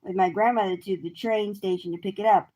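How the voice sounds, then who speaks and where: A woman voicing an excited young boy in a picture book read aloud. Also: mid-range voice, a little fast, lightly acted.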